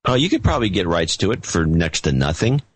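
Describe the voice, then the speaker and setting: A man co-hosting a podcast in casual chat, opinionated and quick to offer advice. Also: low voice, sing-song, breathy edge, dry recording. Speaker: podcast co-host.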